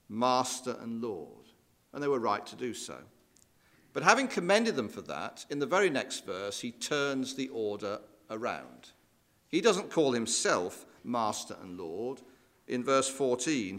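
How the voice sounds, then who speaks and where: Animated male preacher giving a sermon. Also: mid-range voice. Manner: expressive, rising and falling emphasis with rhetorical questions; quotes scripture in old-fashioned wording.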